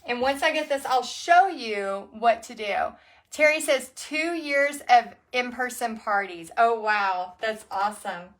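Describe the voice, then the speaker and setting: A woman's voice: on the high side, expressive, unhurried. A Texan woman leading a live-streamed painting lesson, chatty and giggly, greeting viewers by name as she paints. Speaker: paint party instructor.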